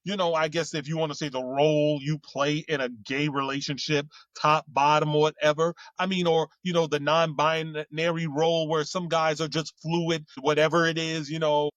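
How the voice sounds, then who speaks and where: A man's voice: a little high, flat delivery, moderate pace, few pauses, a bit bright, dry recording, lo-fi sound. A man co-hosting a casual chat, rambling with lots of fillers and restarts. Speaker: co-host.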